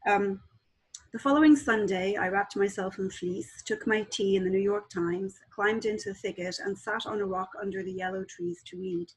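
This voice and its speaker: A woman author talking as a guest on a video call and reading aloud from her own book in a calm, measured way. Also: medium pitch, husky, rough recording.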